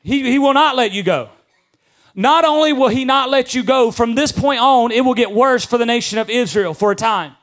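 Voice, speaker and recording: A man's voice: extremely high pitch, moderate pace, a bit bright. A pastor in his thirties preaching emphatically, repeating key lines and calling for amens. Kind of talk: sermon.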